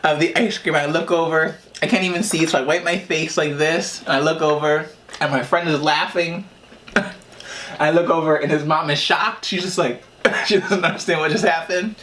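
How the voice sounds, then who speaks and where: A man's voice: a little high, fairly even intonation, normal speed, fairly bright tone, slight background noise. A man vlogger telling a childhood story as he eats, rambling and restarting, laughing at his own tale. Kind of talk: storytime while eating.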